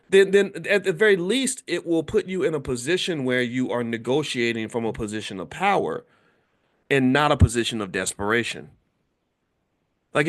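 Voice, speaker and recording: A middle-aged man delivers a loose, casual commentary monologue in a slightly high voice. His pitch rises and falls a great deal as he talks. He often restarts and repeats words, dropping into acted voices for the people he quotes.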